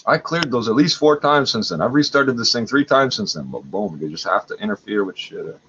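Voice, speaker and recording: A man's voice: lowish voice, expressive, brisk, fairly bright tone. A man at home hosting a livestream, rambling in an agitated, profane way. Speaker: livestream host. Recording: dull lo-fi audio with faint noise.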